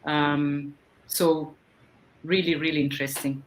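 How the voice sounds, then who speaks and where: A woman's voice: sits low, level tone, a little slow, a little hiss or hum. A woman guest on an online panel, speaking earnestly and encouraging young people to keep learning. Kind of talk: casual online panel chat.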